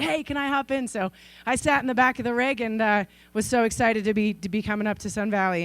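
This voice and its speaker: A woman in her forties from Idaho giving a conference keynote, telling stories in a lively way and acting out the people in them. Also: medium pitch, smooth, no echo. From Idaho, USA. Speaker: keynote speaker. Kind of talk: storytelling speech. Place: conference stage.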